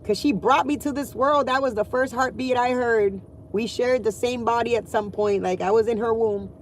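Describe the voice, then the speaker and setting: A woman's voice: fairly high pitch, normal speed, a little hiss or hum. Candid, swearing woman vlogging from car. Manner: candid, emotional, swears freely. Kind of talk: casual confessional vlog. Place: inside a car.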